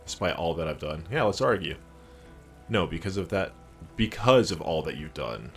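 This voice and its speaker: A man's voice: rumbling low, animated, moderate pace, faint music behind. A man streaming a game, reading its dialogue aloud and joking in between. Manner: wry, joking, reads lines in character.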